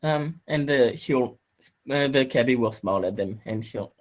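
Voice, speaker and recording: A man narrates a tabletop game as its game master, at a middle pitch. He stops and restarts often as he works out the scene. The delivery stays loose and conversational. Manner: halting, full of fillers and restarts.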